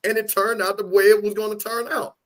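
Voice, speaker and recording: A man's voice: high voice, flat delivery, fairly quick, a bit bright. A man co-hosting a casual college football talk stream, giving blunt, opinionated takes and repeating points for emphasis. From Louisiana. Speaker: co-host.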